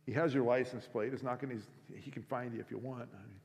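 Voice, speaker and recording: A man's voice: mid-range voice, fairly even intonation, quick pace, vocal fry, darkish tone, close to an everyday voice. A man voicing a furious, hardcore father berating his son, in an echoey hall. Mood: grim. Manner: berating, scolding.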